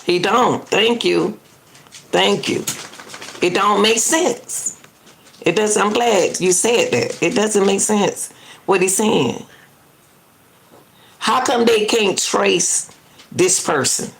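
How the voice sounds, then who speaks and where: A woman with a medium-pitched, gravelly voice speaks slowly with long pauses, and there's slight background noise. In her live reaction to a news clip she argues back indignantly, repeats herself, and talks casually and chattily to her viewers.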